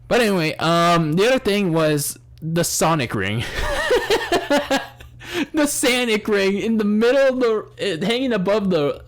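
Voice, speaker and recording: A man hosting a casual podcast review, rambling with many restarts, swearing and laughing at his own jokes. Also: high voice. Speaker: podcast host. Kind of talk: casual wrestling review chat.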